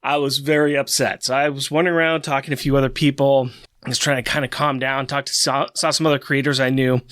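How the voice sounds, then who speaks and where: A man co-hosting a comic book podcast, telling a long story in an excited, animated way. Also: medium pitch, quick pace, no room sound. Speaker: podcast co-host. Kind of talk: casual chat.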